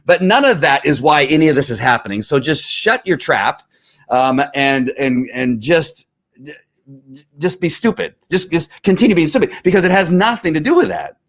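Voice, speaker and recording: A man's voice: on the high side, normal speed. A middle-aged man, a former police officer, riled up and ranting in heated commentary, full of restarts. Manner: riled up, animated, talks over himself with restarts.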